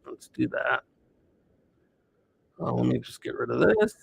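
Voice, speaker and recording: A man casually chatting to viewers on a live stream, rambling in a relaxed way. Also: mid-range voice, a little slow, vocal fry, husky, low-quality recording.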